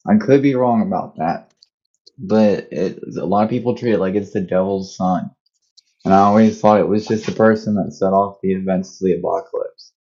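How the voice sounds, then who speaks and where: A man co-hosting a comedy podcast, easygoing and quick to laugh, musing with hedges. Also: low voice, dark tone, dull audio. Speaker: podcast co-host. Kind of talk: casual comedic chat.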